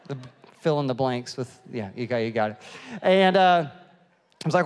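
A middle-aged man preaching a sermon and telling a lively, self-mocking story, acting out the people in it. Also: fairly high pitch, brisk, smooth. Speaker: pastor. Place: church auditorium. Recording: long hall reverb.

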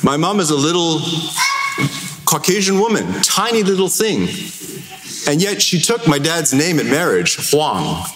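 Man, Canadian accent, priest, animated sermon, roomy church, faint noise. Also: a little slow. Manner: conversational storytelling with lively pitch swings. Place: large church.

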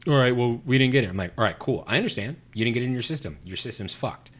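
A man's voice: mid-range voice, lively intonation, racing, a bit bright. A man telling a story in casual chat, ranting with animation and acting out both sides of the exchange. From Puerto Rico.

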